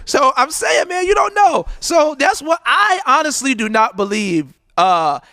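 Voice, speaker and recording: A man co-hosting a casual livestream, animated and playful, often repeating his words. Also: very high-pitched, a little slow, no room sound, clean studio sound. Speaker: podcast co-host.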